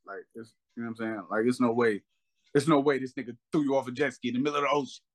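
A man in casual podcast chat, telling stories with heavy slang and profanity and acting out quotes with big leaps in pitch. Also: very fast. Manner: animated storyteller, acts out quotes with big pitch jumps; heavy slang and profanity, repeats "you know what I'm saying".

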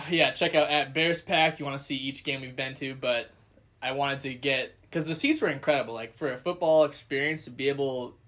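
A man co-hosting a podcast, telling a story in casual chat, animated and laughing often. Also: medium pitch, a little fast.

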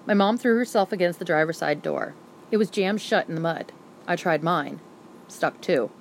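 A woman narrating a first-person novel aloud as an audiobook reader, with brisk and vivid storytelling. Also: lowish voice, a little hiss or hum.

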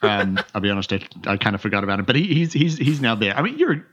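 A man's voice: on the low side, animated, fast talker, a bit bright. A man narrating as game master in a tabletop game, stumbling through many repeated words and fillers. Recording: dull lo-fi sound.

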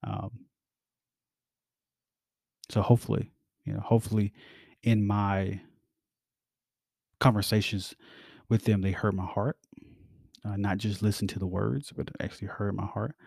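A man's voice: lowish voice, steady tone, unhurried, gravelly, pauses often, a little mellow, dry recording, clean studio sound. A man hosting a podcast, talking in a casual, rambling, reflective way with many fillers and restarts, and closing with encouragement. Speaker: podcast host.

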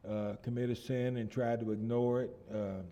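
Casting: middle-aged male preacher, dark mellow tone, halting, builds to loud scripture reading. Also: medium pitch, little pitch movement, dull audio. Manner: halting restarts, swells loud and slow on scripture. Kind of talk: sermon.

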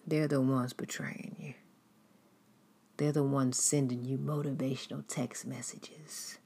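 A woman giving a sermon-style teaching in a slow, soft, half-whispered and drawn-out way. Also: very deep voice, little pitch movement. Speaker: preacher.

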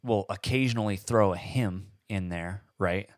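A man co-hosting a casual discussion who explains points in a measured way, with frequent pauses and ums. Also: lowish voice, no room sound, clean studio sound.

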